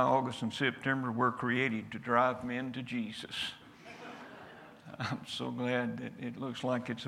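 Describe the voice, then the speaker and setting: A man's voice: medium pitch, creaky, a bit bright. An older man preaching a folksy sermon that builds to emphatic declarations in a church. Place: church sanctuary. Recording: reverberant church hall.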